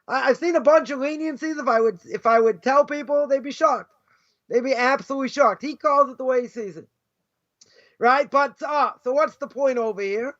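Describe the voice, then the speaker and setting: A man's voice: extremely high pitch, a little fast. A man, a rabbi, giving an informal talk on Jewish ethics, often asking "right?" and acting out the voices in his stories. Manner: animated, repeats "right?" often, acts out quoted voices. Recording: dull lo-fi sound.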